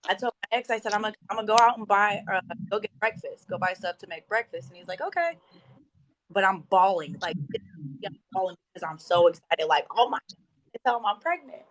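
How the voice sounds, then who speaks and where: A woman's voice: mid-range voice, fast, no room sound, rough recording. A young woman guest telling a personal story in an emotional, conversational way.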